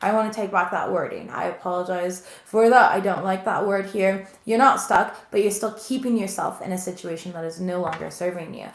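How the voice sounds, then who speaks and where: A woman's voice: medium pitch, a little fast. A woman in her thirties giving an earnest, emotional tarot reading to viewers. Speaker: tarot reader. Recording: echoey room with faint noise.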